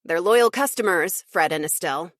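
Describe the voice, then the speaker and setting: A woman's voice: on the low side, expressive, normal speed, fairly bright tone, no room sound, studio quality. A woman narrator voicing a jovial, chatty man, a friendly wedding photographer.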